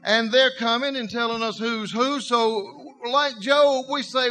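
Emphatic folksy preacher, high-pitched man, sermon delivery. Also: a little slow, hardly any pauses, sharp tone, slight background noise.

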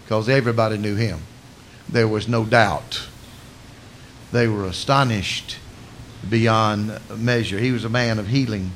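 Bright-voiced folksy male preacher. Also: mid-range voice, slight background noise. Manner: folksy storytelling, colloquial asides. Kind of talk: sermon.

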